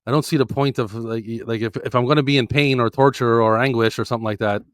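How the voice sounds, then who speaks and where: A man's voice: mid-range voice, steady tone, quick pace, clear, resonant tone, no room sound, studio quality. A man, a guest in a casual interview, rambling and blunt, swearing freely. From Montreal, Canada.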